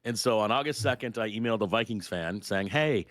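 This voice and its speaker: A middle-aged man co-hosting a podcast, telling lively, profane stories in casual chat. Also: on the low side, fast talker, no echo, studio quality. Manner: storytelling, animated, swearing freely. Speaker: podcast co-host.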